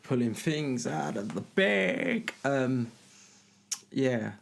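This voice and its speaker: A man's voice: medium pitch, lively intonation, extremely slow, vocal fry, faint music behind. Rambling man telling a story. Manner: rambling, filler-heavy, lots of "you know what I mean". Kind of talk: casual anecdote.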